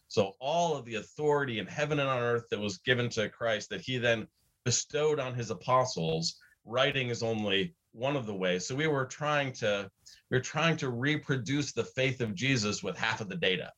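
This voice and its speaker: A man's voice: mid-range voice, normal speed, pushed and bright, lo-fi sound. A man, a guest on a talk show, explaining his views in an earnest, reflective way. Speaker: guest from a Bible study center. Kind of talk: conversational interview.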